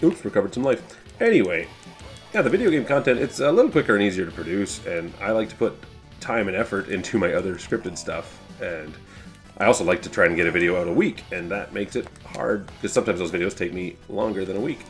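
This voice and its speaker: A man with a lowish voice that swings widely in pitch rambles through casual gameplay commentary. He drops swear words and jokes about his own skills. Faint game music plays underneath. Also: lively intonation, fast. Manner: loose, rambling, swears casually, self-deprecating. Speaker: YouTube host playing a game.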